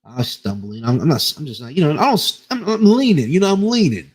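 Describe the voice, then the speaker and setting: A man's voice: fairly high pitch, big pitch swings, fairly quick, breathy edge. Rambling, profane man telling a story. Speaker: podcast co-host. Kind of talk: casual storytelling chat.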